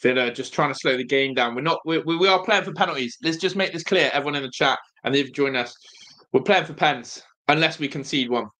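A young man hosting a live football watch-along, nervous and excitable, groaning low one moment and shouting with joy the next. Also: fast. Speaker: fan watch-along host.

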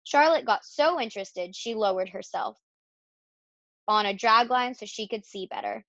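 A woman's voice: fairly high pitch, expressive, normal speed, fairly bright tone, no room sound. Woman reading a storybook aloud. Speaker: reader. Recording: dull, dry lo-fi recording.

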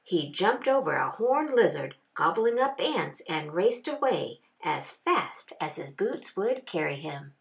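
A woman kindergarten teacher reading a picture book aloud, expressive with drawn-out phrases. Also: on the low side, gravelly.

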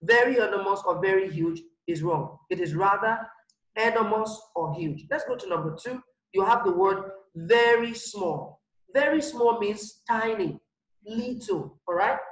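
In an online grammar lesson, a primary school teacher goes slowly through examples, repeats each one and checks that the pupils understand. The mid-range voice is reverberant and poorly recorded.

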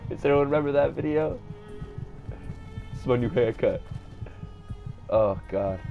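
A man giving gameplay commentary as a let's play host, excitable and swearing a lot. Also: mid-range voice, unhurried, gravelly, phone-quality sound, soft background music. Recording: game audio and gunfire behind.

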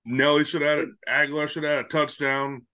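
A man co-hosts a sports chat with a sharp, tense, fairly high voice. He is animated and tends to stumble over repeated words. The sound is a bit muffled and lo-fi. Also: fast, smooth. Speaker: podcast co-host.

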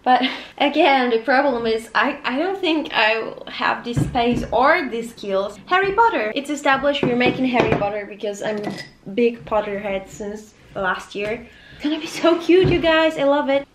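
A woman's voice: on the high side, expressive, normal speed. A woman in her twenties vlogging casually at home, rambling with nervous, self-mocking asides. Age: 20s. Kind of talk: casual chatty vlog. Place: room at home. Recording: echoey room, faint noise.

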